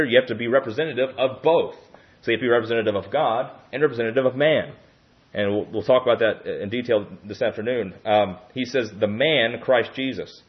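A man's voice: mid-range voice, highs cut off. A man preaching a Bible-teaching sermon in a teacherly way, often checking in with "okay?".

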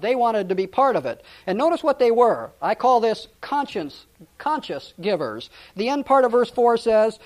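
A male pastor preaching a sermon in a conversational, storytelling way, with frequent restarts. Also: extremely high pitch.

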